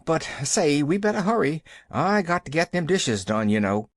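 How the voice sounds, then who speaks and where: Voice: medium pitch, normal speed, dry recording, clean studio sound, voice pushed up. Nancy, a reader doing a flustered rustic maid. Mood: fretful. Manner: folksy rural dialect, excitable.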